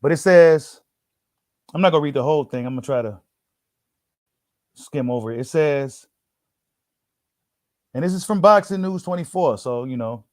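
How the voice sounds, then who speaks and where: A man's voice: a little high, moderate pace, pauses often, no room sound, clean studio sound. Slangy man doing boxing talk. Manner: slangy, repeats himself, many fillers; reads an article aloud to viewers. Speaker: boxing channel host. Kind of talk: casual boxing commentary.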